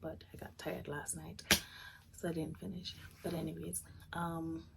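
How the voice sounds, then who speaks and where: A young woman chatting casually in a vlog, her voice raspy and groggy from just waking up, rambling with fillers. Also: low-pitched, little pitch movement, measured pace. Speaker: vlogger. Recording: distant mic with noisy background.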